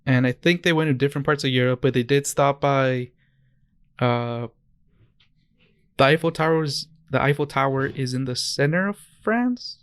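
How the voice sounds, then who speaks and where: A man's voice: medium pitch, moderate pace, fairly bright tone, clean tone, no room sound. A young man co-hosting a podcast, chatting casually and rambling through stories with lots of restarts and self-corrections. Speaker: podcast co-host. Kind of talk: casual chat.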